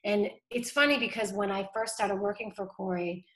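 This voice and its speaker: A woman's voice: mid-range voice, steady tone, fairly bright tone. A woman from Boston, a communications director, talking casually in an interview with lots of "like" and "you know". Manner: chatty, many "like" and "you know" fillers, quick laughs. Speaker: city council communications director.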